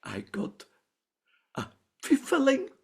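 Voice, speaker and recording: An Austrian man voicing a meek, foolish peasant husband in a slow, sheepish way. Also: extremely high pitch, huge pitch swings, creaky, pitched above the performer's own voice, heavily acted.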